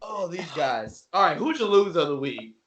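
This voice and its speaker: A man chats on a podcast, ribbing his co-hosts with mock outrage. His voice sits a bit high and swings freely up and down as he jokes. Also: sing-song, moderate pace, crowd noise, low-quality recording. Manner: joking, teasing, playfully indignant. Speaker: podcast co-host. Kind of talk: casual chat.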